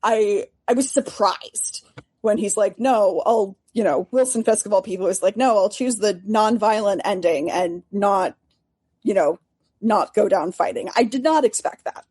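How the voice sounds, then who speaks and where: A woman co-hosting a casual podcast review, talking in a relaxed, thoughtful way. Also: mid-range voice, measured pace, husky, no echo. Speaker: podcast co-host.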